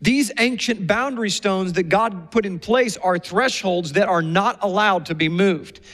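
A man preaching a sermon, telling stories in a lively way and acting out the people he quotes. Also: high voice, a little slow. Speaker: pastor. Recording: long hall reverb.

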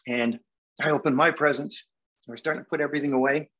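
Husky older Canadian man telling stories. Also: on the high side, quick pace, dull audio. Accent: Canadian English. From England. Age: 70s. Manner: animated, wry storyteller. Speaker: guest speaker. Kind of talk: storytelling talk.

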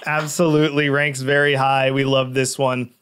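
Co-hosting a podcast, a man chats casually and enthusiastically, rambling and restarting his sentences. His voice is medium-pitched and fairly bright, with a level tone and moderate pace, and there's slight background noise.

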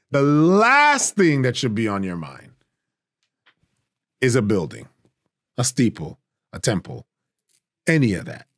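A man teaching a Bible study in a casual, emphatic way, raising his voice to stress points and slowing down on key phrases. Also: mid-range voice, very animated, dry recording, studio quality. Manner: emphatic and conversational, rising for stress, drawing words out slowly.

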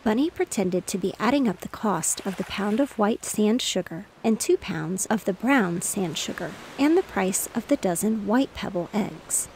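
Woman narrating a bedtime story, gentle steady reading, gravelly voice, faint waves behind. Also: mid-range voice, normal speed, hardly any pauses, a little hiss or hum.

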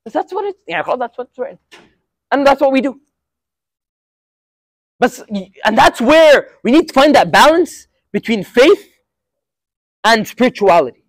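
A man's voice: extremely high pitch, lively intonation, a little slow, pauses often, no echo. A young man giving an informal religious storytelling lesson to a student group, talking casually and conversationally and using frequent Arabic filler words. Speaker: student speaker at a university Muslim association.

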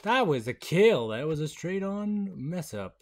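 A man hosting a casual gameplay video on a headset mic, excitable and chatty, laughing often. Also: fairly high pitch, a little slow. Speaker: gaming video host.

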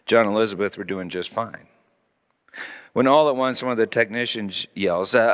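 A middle-aged man preaching a sermon as pastor, telling a story with lively acted-out voices and sudden hushed drops. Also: lowish voice, normal speed. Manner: animated storytelling, acting out voices, dropping to hushed tones. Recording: long hall reverb.

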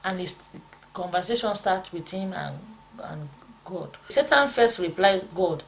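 A woman's voice: fairly low pitch, measured pace, slight background noise. A woman, a pastor's wife, telling a dramatic spiritual testimony in an emphatic, repetitive, exclamatory way.

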